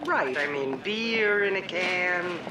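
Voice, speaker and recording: An actor playing a blunt, skeptical shopper who dislikes the product, in a film. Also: male voice, high voice, expressive, slow, background noise.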